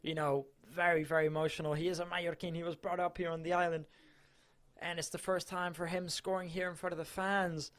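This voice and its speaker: A man's voice: fairly high pitch, little pitch movement, brisk, a bit bright. A man reporting for a club channel, giving chatty, enthusiastic live match coverage.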